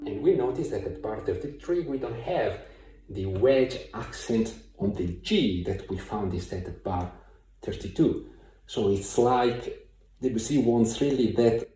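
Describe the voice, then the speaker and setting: A man giving a piano tutorial in a thoughtful, hesitant way, with many pauses and fillers, recorded from a distance in a room with a piano. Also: medium pitch, lively intonation, dark tone. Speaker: piano teacher. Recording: very echoey room, mic far off. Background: piano playing.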